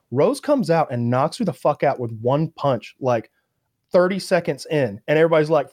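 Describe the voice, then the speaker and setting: A man's voice: mid-range voice, a little fast. A man chatting casually on a podcast, telling fight stories and acting out what people said. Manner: animated storyteller acting out quotes.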